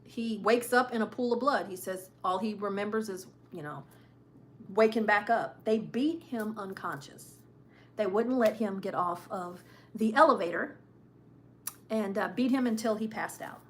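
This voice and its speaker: A woman's voice: mid-range voice, unhurried, slight background noise. A woman hosting a live cruise news stream, chatting casually, repeating phrases for emphasis and laughing often.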